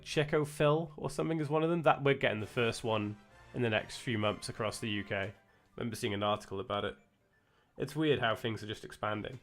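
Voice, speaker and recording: A young British man streams a game while chatting casually, rambling with plenty of restarts and self-corrections. His voice is medium-pitched with a fairly bright tone.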